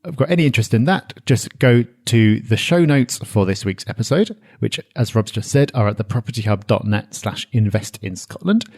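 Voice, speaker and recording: A man's voice: medium pitch, animated, normal speed, creaky, hardly any pauses, darkish tone. A man co-hosting a property podcast, chatting casually and enthusiastically with frequent fillers. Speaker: podcast co-host. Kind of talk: casual chat.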